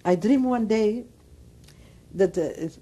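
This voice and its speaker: Older woman from Greece, Greek accent, non-native English, warm low-bright tone, emphatic oral-history speaker. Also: takes it slowly. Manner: broken English, emphatic and repetitive storytelling. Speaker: Holocaust survivor interviewee.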